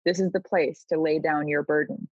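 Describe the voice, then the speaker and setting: An expressive scripture reader with a faintly breathy voice. The sound is dry and dull, as if coming through a low-fidelity connection. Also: normal speed, no room sound. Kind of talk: reading scripture aloud.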